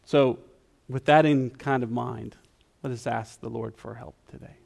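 Guy giving a sermon in church, raspy low fry, casual and humble, goes quiet for prayer. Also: steady tone, a little slow. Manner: conversational, self-deprecating, with soft prayerful passages. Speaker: guest preacher. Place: church sanctuary.

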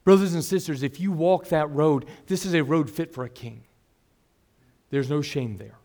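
A pastor preaching verse by verse to his congregation. His voice sits a little high for a man. He talks earnestly, pushing hard on key phrases and then dropping low and quiet for the asides. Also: moderate pace. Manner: earnest preaching, swings between loud emphasis and hushed asides. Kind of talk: expository sermon.

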